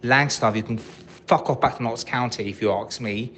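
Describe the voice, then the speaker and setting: An angry man leaving a ranting voice message as a football fan, swearing and shouting in bursts. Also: medium pitch, moderate pace, slight background noise. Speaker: fan caller.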